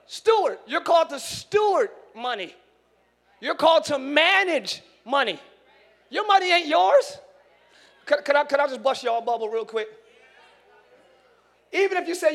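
A male pastor preaching a sermon in church, moving from loud shouted lines to quick casual asides. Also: very high voice, sing-song, creaky.

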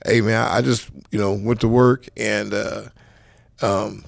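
A man's voice: on the low side, level tone, measured pace, gravelly, dry recording, studio quality. A man from South Central Los Angeles, a football coach telling rambling stories with lots of fillers and street slang in a casual interview. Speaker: high school football coach, guest.

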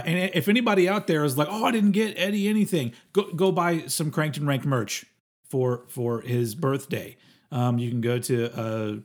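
A man in his forties co-hosting a casual podcast, talking in a rambling, halting way with plenty of fillers and swearing. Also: medium pitch. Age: 40s. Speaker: podcast co-host. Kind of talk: casual chat.

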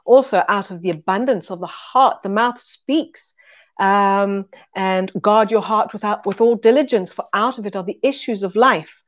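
A woman with a mid-range voice and moderate pace delivers a recorded weekly Bible teaching, and the audio is dull. Earnest and conversational, she makes her point by retelling stories.

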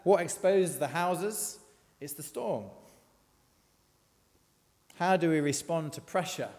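A man's voice: on the high side, darkish tone, big-room sound. A man giving a conversational sermon, asking the congregation questions as he goes. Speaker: preacher. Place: church.

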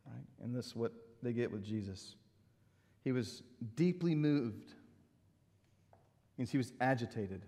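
A middle-aged man, a pastor preaching a sermon in an animated, conversational way with asides. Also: medium pitch, a little slow, pauses often, big-room sound.

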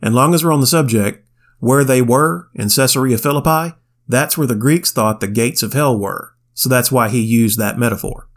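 A man's voice: medium pitch, normal speed. A man co-hosting a Bible podcast, giving casual commentary with wry, plainspoken asides. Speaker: podcast co-host.

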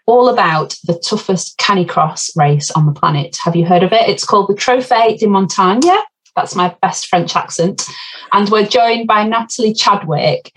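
A woman's voice: medium pitch, husky, low-quality recording. A woman co-hosting a podcast, welcoming and interviewing a guest. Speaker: podcast co-host.

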